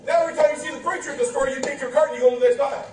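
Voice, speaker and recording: High-voiced animated preacher, echoing church. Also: male voice, rapid-fire, recorded from a distance. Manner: animated, playful, acts out quotes. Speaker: pastor. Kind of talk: sermon. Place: church sanctuary. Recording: roomy church from afar.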